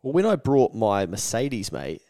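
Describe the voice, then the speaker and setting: A man's voice: fairly low pitch, wildly swooping pitch, a little slow, warm tone. A man co-hosting a casual podcast chat and telling stories bluntly, with plenty of swearing. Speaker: podcast co-host.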